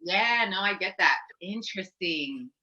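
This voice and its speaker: Lively woman, bright tense voice. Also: lowish voice, measured pace, muffled recording. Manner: animated, acts out quotes, laughs often. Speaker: actress and musician, interview guest. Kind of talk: casual interview chat.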